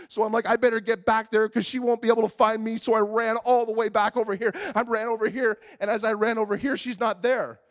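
High-voiced, animated man preaching. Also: quick pace, few pauses. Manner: animated storytelling, acts out his own exasperation. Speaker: pastor. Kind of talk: sermon with a humorous personal story.

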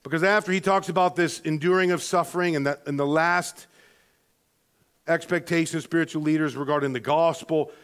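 A man with a notably high voice preaches a sermon as a pastor. He speaks earnestly, sliding between soft, reflective stretches and emphatic, rising exhortations, and often restarts his phrases as he talks. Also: fairly even intonation, a little fast, smooth.

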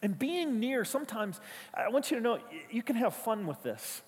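A man's voice: very high voice, very animated, normal speed, slightly rough, long reverb tail. A man preaching a sermon as a pastor, conversational and emphatic, telling stories and repeating key phrases. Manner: conversational, storytelling, emphatic repetitions.

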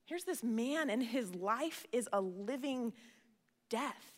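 A woman's voice: on the high side, expressive, takes it slowly. A woman giving a sermon in an earnest, conversational way, often repeating words as she starts a phrase. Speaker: preacher. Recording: reverberant hall.

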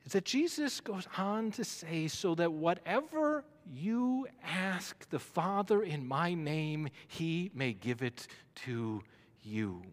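A man preaching a sermon as pastor, building to loud emphatic runs. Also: a little high, very animated, slow. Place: church sanctuary. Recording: long hall reverb.

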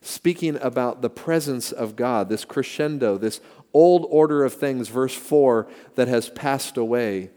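A man's voice: medium pitch, unhurried. An older man preaching a sermon, telling stories with emphatic repetition. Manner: animated storytelling with emphatic repetition. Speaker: pastor. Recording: long reverb of a large hall.

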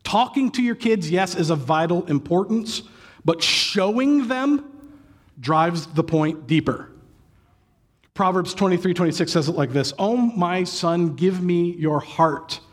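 Husky animated man preaching a sermon. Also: fairly high pitch. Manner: animated storytelling with acted sighs and exclamations. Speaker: pastor.

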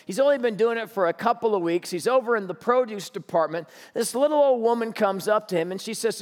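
A man's voice: sits high, lively intonation, a little fast, hardly any pauses. A man preaching as a pastor in a church auditorium, conversational and joking as he tells stories. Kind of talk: sermon. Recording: echoey hall reverb.

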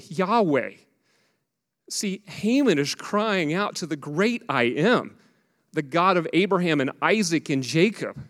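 A male pastor in his thirties preaches with a lively, conversational manner and often turns to the congregation with questions. His voice sits a little high for a man. The sound carries the long reverb of a church sanctuary. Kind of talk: sermon.

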